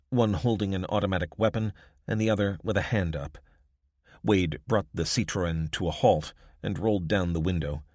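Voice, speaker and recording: A man narrating a survival thriller audiobook in a steady, measured way. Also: low-pitched, no echo, studio quality. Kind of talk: scripted narration.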